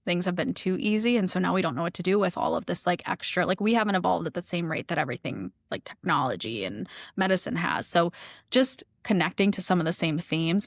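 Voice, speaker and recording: Gravelly-voiced woman, chatty podcast guest. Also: lowish voice, no room sound, clean studio sound. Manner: chatty, lots of "like" fillers. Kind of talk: casual podcast chat.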